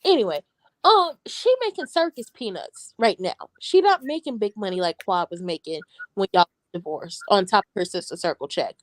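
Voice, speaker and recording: A woman hosting a casual reality TV recap, talking in an animated, sassy, slangy way. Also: mid-range voice, moderate pace, no echo. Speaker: show recap host.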